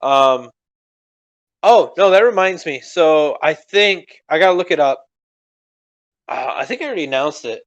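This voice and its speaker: A man's voice: a little high, expressive, normal speed, pauses often, dull audio. A young man co-hosting a podcast in casual chat, rambling and swearing freely, laughing often, his voice strained from screaming. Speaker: podcast co-host.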